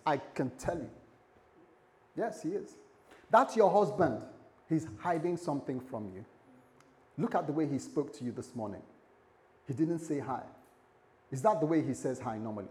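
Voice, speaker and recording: A sly, insinuating serpent devil, male, who keeps circling back to the same doubt , as a preacher puts him on. The voice sits on the higher side and moves a lot. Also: a little mellow. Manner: insinuating, repeating itself to plant doubt.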